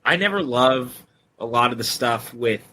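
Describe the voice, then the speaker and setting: A man's voice: medium pitch, animated, a little slow, pushed and bright. A man co-hosting a casual film podcast, joking and swearing casually as he teases his co-host.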